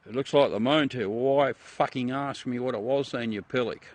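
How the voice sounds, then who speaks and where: A man's voice: medium pitch, moderate pace, no room sound. A middle-aged Australian man casually chatting with viewers on a livestream, joking, swearing and laughing often as he shows the moon through a telescope. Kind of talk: casual live chat with viewers.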